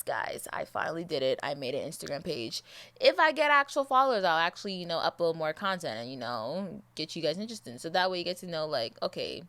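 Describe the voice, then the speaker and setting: A woman's voice: mid-range voice, bright, forceful tone, clear, resonant tone, no room sound. A woman hosting her own podcast, rambling through a casual outro with a chatty, self-mocking manner. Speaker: podcast host.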